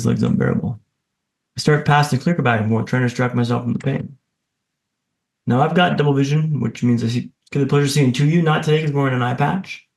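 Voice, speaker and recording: A man's voice: mid-range voice, vocal fry, darkish tone, roomy sound. A man guest on a podcast, telling a dramatic personal story in vivid, punchy lines with self-deprecating humour.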